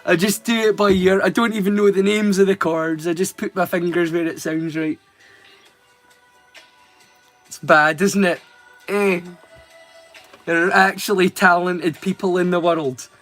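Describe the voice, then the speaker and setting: A Scottish man with a high voice chatting on a live stream, joking, teasing and swearing as he talks to his viewers. Faint music plays softly behind him. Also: fairly even intonation, unhurried, long pauses. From Scotland.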